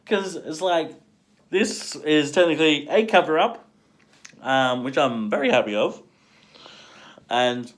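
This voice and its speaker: A man talks loosely through a film review, swearing and laughing as he goes. His pitch sits in an ordinary middle range, and his delivery is chatty and full of fillers. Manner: rambling, profane, filler-heavy, laughs often. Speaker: movie reviewer. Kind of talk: casual film review vlog.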